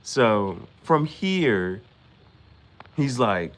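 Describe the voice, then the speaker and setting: A man's voice: mid-range voice, very animated, drawn-out words. A man hosting an anime reaction channel, recapping an episode in a rambling casual way, repeating himself and quoting characters in slang.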